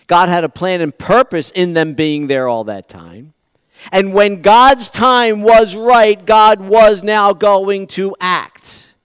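A pastor preaching a conversational sermon, swinging from loud bursts to near-whispers. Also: male voice, medium pitch, clear, resonant tone, dry recording, studio quality. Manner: animated, conversational preaching with dramatic swings in volume.

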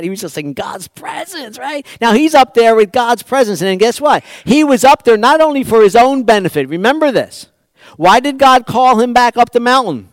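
A man with a high, smooth, resonant voice preaches a sermon, recorded dry and close. He keeps asking his congregation rhetorical questions. He swings between hushed asides and loud, emphatic stretches. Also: expressive, moderate pace, no echo. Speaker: pastor.

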